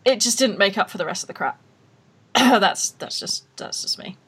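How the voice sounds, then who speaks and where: A woman's voice: mid-range voice, animated, moderate pace, fairly bright tone, breathy edge. A woman with an Australian accent hosting a podcast in casual chat, blunt and opinionated, often laughing. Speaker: podcast host.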